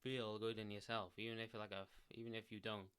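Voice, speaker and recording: A man's voice: lowish voice, brisk, clean tone. A man sitting in a chair, giving casual self-help advice into a desk microphone in a loose, rambling way with lots of fillers. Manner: rambling, lots of "like", restarts, relaxed. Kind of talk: casual solo advice talk.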